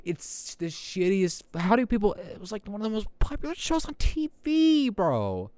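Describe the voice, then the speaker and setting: A man's voice: high voice, moderate pace. A young man hosting a podcast, ranting casually with lots of swearing. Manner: profane, animated ranting. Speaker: podcast host.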